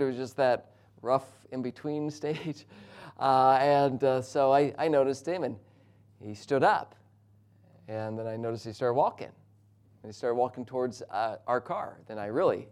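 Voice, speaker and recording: A middle-aged man preaching a sermon, praying and then telling a humorous personal story with lively, animated delivery. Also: medium pitch.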